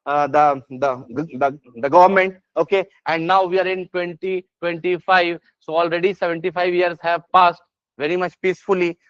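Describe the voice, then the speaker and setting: A man with a high, somewhat bright voice and an Indian English accent lectures a class on exam essays. He's emphatic and full of fillers and restarts, and he keeps asking "yes or no?" and "is this part clear?" The recording is dry, with no echo and a slightly dull lo-fi quality.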